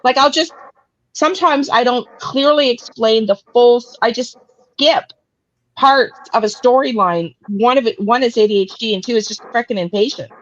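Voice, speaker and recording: A woman's voice: fairly high pitch, moderate pace, fairly bright tone, no echo, highs cut off. A woman hosting a live true crime stream, blunt and profane, who keeps checking in with "okay?" and "right?". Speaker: true crime analyst host. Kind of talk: casual live-stream commentary.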